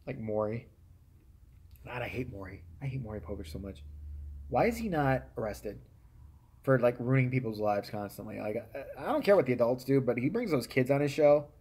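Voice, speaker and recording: Brief: husky male streamer, mid pitch, profane and heated casual rant. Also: expressive, brisk. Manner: profane, heated, swings between loud outbursts and muttered asides. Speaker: live-stream host. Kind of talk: casual ranting monologue.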